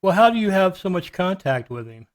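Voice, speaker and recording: Man, calm and skeptical, level-headed counterpart, higher pitch. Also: brisk. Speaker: friend in conversation. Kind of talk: casual conversation.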